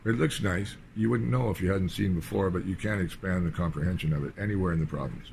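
A man's voice: deep voice, fast talker, creaky, darkish tone, a little hiss or hum. A man from British Columbia giving a rambling, sardonic political monologue in loose fragments. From British Columbia, Canada. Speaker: political commentator.

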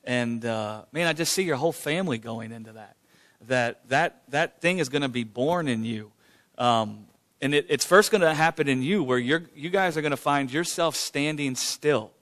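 With a mid-range, somewhat bright voice, a church leader runs an informal question-and-answer session. His delivery is fervent, and "man" and "Glory to God" come up repeatedly.

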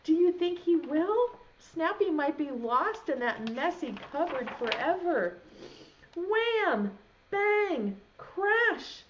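A young woman preschool teacher reads a picture book to little children, pausing to ask them questions. Her voice is high and swoops widely in pitch as she reads slowly. The recording sounds dull and lo-fi. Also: background noise. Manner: animated, asks children questions. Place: home, video lesson.

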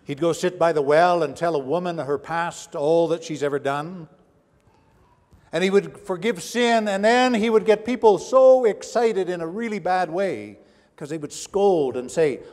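Preaching man in a reverberant church. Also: a little high. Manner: dramatic preaching, swinging from hushed to raised. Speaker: pastor. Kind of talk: sermon. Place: church sanctuary.

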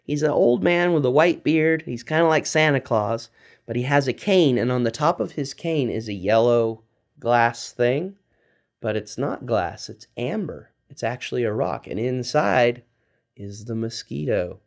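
Male kids' storyteller, animated, asks young listeners questions while retelling a story. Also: medium pitch, unhurried, vocal fry. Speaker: children's storyteller. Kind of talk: retelling a film story for kids.

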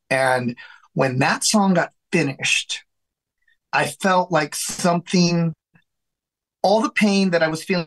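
Animated man telling a story. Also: on the high side, low-quality recording. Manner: animated storyteller who acts out quoted dialogue; frequent restarts and repeated words. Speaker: guest, singer and songwriter. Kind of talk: storytelling interview. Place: his home music studio.

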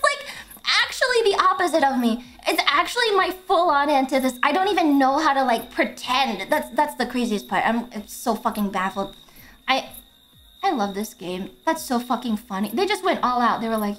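A young woman chats her way through a game stream, excitable and quick to laugh, swearing and stammering as she reacts. Her voice sits very high and swoops all over. Its tone is bright and sharp, with faint game music playing underneath. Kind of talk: casual game-stream chat.

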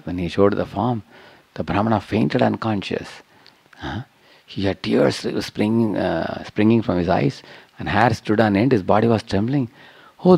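This is a man giving a devotional lecture, his voice very low with a gravelly fry. He tells a scripture story, often stopping to ask "huh?" or "hmm?" to the room. The sound is dry and close. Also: darkish tone, no echo. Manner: checks in with frequent "huh?" and "hmm?".

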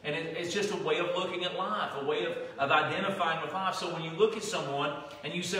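A man's voice: sits high, fairly even intonation, quick pace, hardly any pauses, bright, forceful tone, a little hiss or hum. A man with a Southern US accent preaching a sermon as pastor, folksy and conversational, often restarting his sentences. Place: church sanctuary. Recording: echoey hall from far off.

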